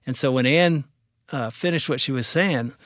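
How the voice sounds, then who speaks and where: A man, a pastor, earnestly recounting a personal testimony about his marriage in a relaxed interview. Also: mid-range voice, moderate pace, dry recording, clean studio sound. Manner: earnest, reflective storytelling. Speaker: pastor and guest speaker.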